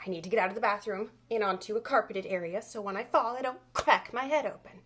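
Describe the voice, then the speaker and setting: A young adult woman telling a comic story, swinging between whispers and loud bursts with exaggerated delivery. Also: mid-range voice, steady tone, moderate pace. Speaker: comedian storyteller.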